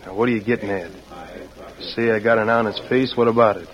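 A man's voice: lowish voice, steady tone, a little fast, lightly acted. An actor playing a young outlaw who questions his partner in an old radio drama. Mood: doubtful. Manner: skeptical, questioning. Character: young male outlaw, doubtful and easily tempted. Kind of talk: 1940s radio acting. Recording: dull old radio recording.

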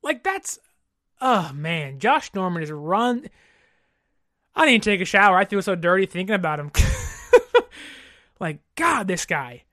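A woman in her thirties hosting a sports podcast, ranting in an exasperated, animated way with mocking mimicry. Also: medium pitch, unhurried, long pauses, dry recording, clean studio sound. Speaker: podcast host. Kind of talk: casual sports podcast rant.

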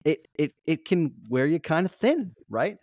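A man's voice: fairly high pitch, sing-song, a little slow, a little mellow, no echo. A man co-hosting a podcast, telling candid self-mocking stories in casual chat, full of fillers and asides. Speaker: podcast co-host.

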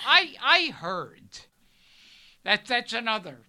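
An older man, a guest on a talk show, telling anecdotes in a halting way and often repeating his words. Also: extremely high pitch, sharp tone. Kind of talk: casual storytelling chat.

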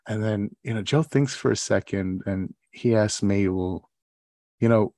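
A man speaks with a fairly low voice into a close, dry podcast mic. He tells stories and answers mock exam questions in a loose, casual way, full of fillers and restarts. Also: steady tone, moderate pace, creaky, darkish tone, no room sound. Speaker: podcast co-host.

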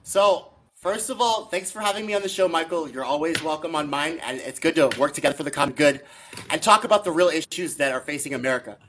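A man's voice: fairly high pitch, quick pace, a bit bright, a little hiss or hum. A man appearing as a guest on a political podcast, talking in a teasing, argumentative way. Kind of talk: casual political podcast chat.

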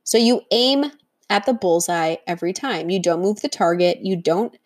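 Speaking at a normal speed in a low-leaning voice, a woman coaches the listener on diet face to face. Her motivational monologue is earnest, supportive and firm, with brief impressions of the voices she talks about.

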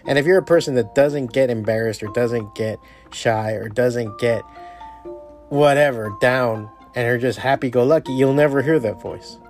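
A man's voice: mid-range voice, moderate pace, darkish tone, soft background music. A man hosting his own podcast, talking in a casual, rambling, profanity-heavy motivational monologue. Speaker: podcast host.

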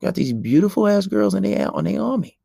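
Podcast host, male, brash and profane, preachy delivery, gravelly voice. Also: sits high, lively intonation, fast, warm tone, dry recording, studio quality. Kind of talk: solo podcast rant.

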